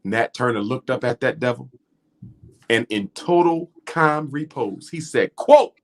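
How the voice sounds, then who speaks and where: A man's voice: mid-range voice, animated, measured pace. A middle-aged man speaking in a preacherly, rhythmic way, building emphasis through repetition. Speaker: guest speaker. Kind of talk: impassioned lecture in conversation.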